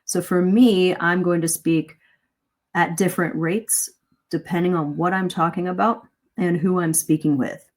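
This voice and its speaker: In a live online lesson, a woman teaches spoken English in a lively, demonstrative style, putting questions to her listeners. Her voice is on the low side and her delivery unhurried.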